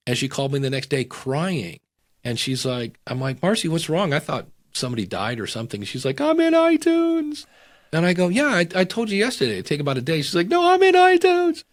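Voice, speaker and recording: Middle-aged male guest, casual and animated, a storyteller who slips into voices. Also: mid-range voice. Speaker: podcast guest.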